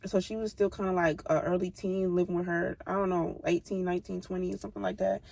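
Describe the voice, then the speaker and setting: A young woman with a gravelly, husky voice tells a personal story straight to her audience. She speaks bluntly and heatedly, swearing freely in a loose, casual storytime style. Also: lowish voice, fairly even intonation, fast, darkish tone. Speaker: vlogger.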